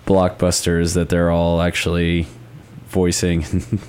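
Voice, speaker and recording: A man co-hosting a radio chat, hoarse from a cold, easygoing and tossing in dry asides. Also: low voice, monotone, measured pace, darkish tone. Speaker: radio co-host.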